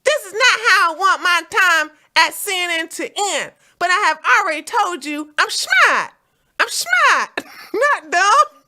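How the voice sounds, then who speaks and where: A woman voicing a dim-witted male newsman who keeps insisting he is smart, in a high, loud, halting mockery. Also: sing-song, full character voice. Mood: mocking.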